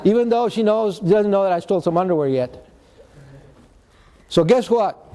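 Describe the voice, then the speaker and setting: Older man, high and mellow voice, animated guest speaker telling stories to students. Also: moderate pace. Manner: animated, mixes in Spanish slang, acts out quotes. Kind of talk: storytelling talk to students.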